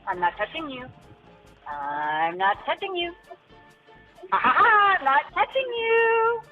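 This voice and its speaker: A woman's voice: high-pitched, big pitch swings, slow, narrow, tinny audio, soft background music. A woman calling in to a radio show with a taunting, sing-song fly impression. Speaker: caller.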